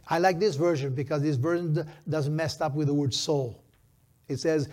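A fifty-something pastor tells a story involving his grandchild during a sermon, his slightly high voice steady and darkish. He stresses his words, drawing out key phrases, with phrasing that is slightly non-native.

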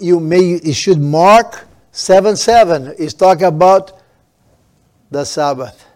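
Emphatic male preacher, slightly high voice. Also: a little mellow. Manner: emphatic, drawn-out stresses, frequent restarts. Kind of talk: sermon.

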